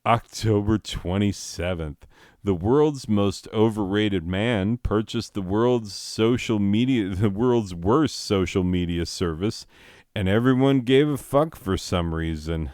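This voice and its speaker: A man's voice: sits low, slow pace, darkish tone, clear, resonant tone, no room sound, clean studio sound. A man doing profane, sardonic stand-up comedy, ranting about the news of the year.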